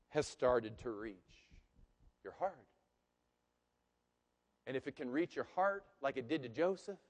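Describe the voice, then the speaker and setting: A man's high-pitched voice delivers a sermon from the pulpit. He swings between quiet, intimate moments and loud, emphatic preaching. The sound rings with long reverb through a large church hall. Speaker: pastor.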